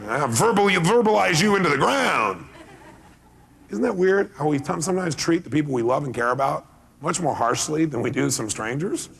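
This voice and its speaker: Raspy gravelly guy doing a motivational seminar, acts out dialogue, quizzes the crowd. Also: a little high, moderate pace. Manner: animated, acts out quoted dialogue, asks audience questions. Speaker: motivational speaker.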